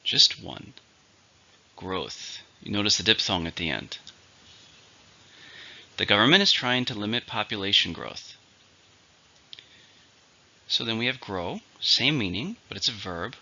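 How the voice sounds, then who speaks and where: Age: adult. Sex: man. Role: English teacher. Style: vocabulary lesson. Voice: bright, lively, lowish, on a dull lo-fi recording. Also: measured pace, pauses often. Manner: methodical, spells out syllables and stress.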